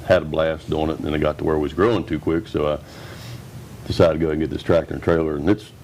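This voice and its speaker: A man's voice: a bass voice, flat delivery, fast talker, darkish tone, a little hiss or hum. A man from the American South, a trucking guest, chatting casually. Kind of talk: casual chat.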